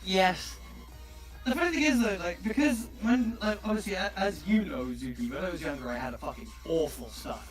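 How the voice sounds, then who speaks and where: A man from southeast England with an English accent chats casually on a stream, carefully enunciating in a somewhat pompous manner. His voice is high-pitched, expressive and fairly quick, with music playing in the background.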